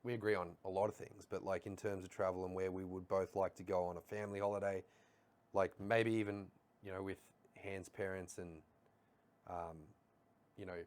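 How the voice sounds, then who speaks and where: Australian male co-host, lower register, easygoing conversational delivery. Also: level tone, moderate pace, a little mellow. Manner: laid-back, reflective, laughs easily. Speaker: podcast co-host. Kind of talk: casual chat.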